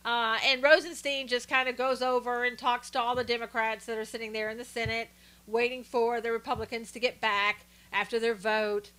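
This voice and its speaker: A woman with a fairly high, bright, forward voice hosts a live stream in a loose, conversational way. She talks through political opinions with plenty of "uh"s and greets her viewers by name as she goes. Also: flat delivery, moderate pace, clear, resonant tone. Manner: chatty, opinionated, with frequent fillers and greetings to viewers. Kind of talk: casual political commentary, reading viewer chat.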